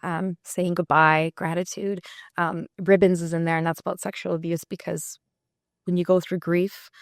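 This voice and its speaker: A woman's voice: lowish voice, little pitch movement, moderate pace, dry recording, studio quality. A woman musician speaking candidly and reflectively in a casual interview, with many fillers. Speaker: musician guest.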